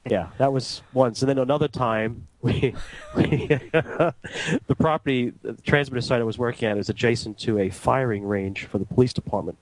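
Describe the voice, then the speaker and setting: A man working as a radio transmitter engineer, telling anecdotes in a casual, animated way and acting out the dialogue. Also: medium pitch, normal speed, dry recording, rough recording. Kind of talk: casual storytelling.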